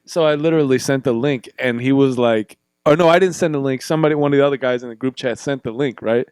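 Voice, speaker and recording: A man co-hosting a podcast, telling stories in casual chat, animated and full of profanity with quick bursts of speech. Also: mid-range voice, clean tone, no room sound, clean studio sound. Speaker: podcast co-host.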